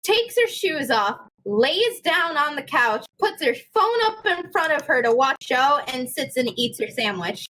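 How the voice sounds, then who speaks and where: A young woman with a very high voice tells a story in a casual chat. She is animated, laughs often, and acts out what everyone said. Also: unhurried, hardly any pauses, slight background noise. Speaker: podcast co-host.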